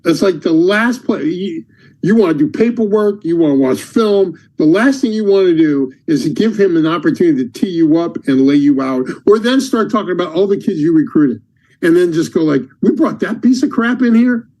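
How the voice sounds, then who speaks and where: A high-pitched man hosts a casual podcast chat. He talks in animated bursts, slipping into the voices of yelling coaches as he tells his stories. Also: fairly quick, rough recording. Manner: animated storyteller, acts out shouting coaches. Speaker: podcast host and basketball coach.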